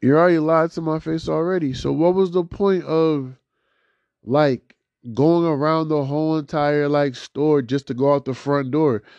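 A young man hosting a solo podcast, venting in a loud, profane, animated way that swings between high outbursts and low mutters. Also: normal speed, no room sound. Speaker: podcast host. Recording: dull lo-fi dry recording.

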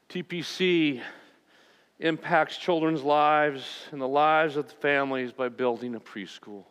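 A man's voice: fairly high pitch, a little slow, fairly bright tone, smooth. Man preaching in a reverberant church. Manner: emphatic, rising to impassioned preaching. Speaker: pastor. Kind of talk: sermon. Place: church sanctuary. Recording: long hall reverb in a church sanctuary.

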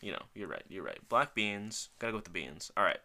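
A man's voice: fairly low pitch, sing-song, fast, vocal fry, sharp tone. A young man co-hosting a podcast in casual chat, joking and thinking aloud as he orders food. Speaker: podcast co-host.

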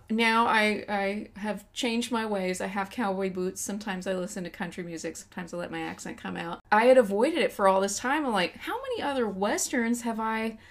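A woman from West Texas, USA, co-hosts a podcast, chatting casually and candidly while poking fun at herself. Her mid-range voice is gravelly with a fairly bright tone.

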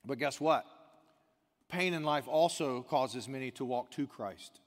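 A pastor preaching a sermon, dropping to hushed asides and rising to near-shouted emphasis. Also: male voice, mid-range voice, measured pace, in a large hall.

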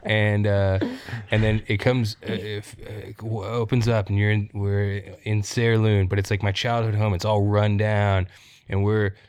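A man with a low, flat voice recounts a scene in a casual, halting way and restarts often. His tone is smooth and resonant. The sound is dry and close. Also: dry recording. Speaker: player. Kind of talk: casual storytelling.

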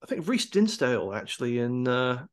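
A man's voice: medium pitch, very animated, moderate pace. A man in his forties co-hosting a podcast in casual chat, rambling and hesitant as he talks. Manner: rambling, hesitant, full of restarts. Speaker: podcast co-host.

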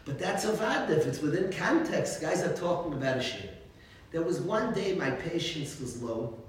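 A man, a rabbi, giving an informal religious talk full of animated stories and frequent chuckles. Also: fairly high pitch, normal speed. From United States. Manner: animated storytelling, chuckles often. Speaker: rabbi teaching a class. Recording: very echoey room, distant mic, faint noise.

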